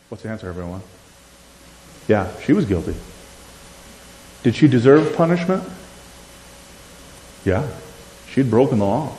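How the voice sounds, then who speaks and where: A pastor preaching a fervent sermon, his warm voice swinging up and down as he pleads with and questions the congregation. It rings out with a roomy church echo, and a faint hum sits underneath. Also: mid-range voice, animated, moderate pace, long pauses. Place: church sanctuary.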